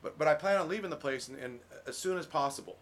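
A middle-aged man preaching a relaxed, conversational sermon as pastor, folksy, full of restarts and "you know.". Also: on the high side, fast talker.

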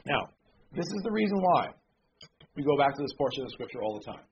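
A man preaching a sermon as pastor, talking conversationally with frequent "okay?" check-ins and reading scripture slowly and deliberately. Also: mid-range voice, sing-song. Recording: dull lo-fi sound with faint background noise.

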